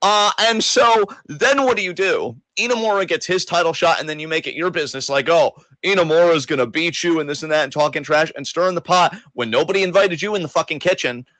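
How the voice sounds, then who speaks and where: A man rants about wrestling with mock outrage and heavy swearing, his voice a little higher than most. He talks into a close mic in a dry, dead room. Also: quick pace, few pauses, fairly bright tone, no room sound, rough recording. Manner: exasperated, sarcastic, swears a lot. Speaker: wrestling podcast co-host. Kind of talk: casual profane wrestling rant.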